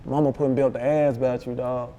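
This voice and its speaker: A man's voice: mid-range voice, fast, muffled recording, slight background noise. Slangy Memphis man telling stories. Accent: Southern US, Memphis. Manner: animated, slangy, acts out quoted dialogue. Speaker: rapper guest. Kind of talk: casual storytelling interview.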